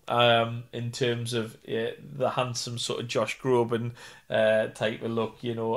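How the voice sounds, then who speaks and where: A man with a Geordie accent, an actor and singer chatting in an interview, self-deprecating and full of fillers. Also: mid-range voice. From North East England. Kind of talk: casual interview chat.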